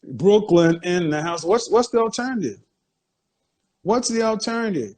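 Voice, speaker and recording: With lively intonation, a high voice, and a darkish tone, this man talks at normal speed. His casual live-stream monologue, captured on a phone, has him lecturing the audience and provoking them with mocking jabs.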